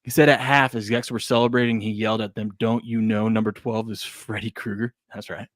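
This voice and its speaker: A man hosting a casual sports betting talk show, animated and joking, reading out chat comments. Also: on the low side, a little fast, dry recording, clean studio sound.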